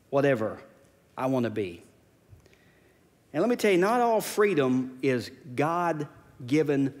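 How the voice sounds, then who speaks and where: A man's voice: on the high side, big-room sound. A pastor preaching a sermon, emphatic and repeating his key phrases. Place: church sanctuary.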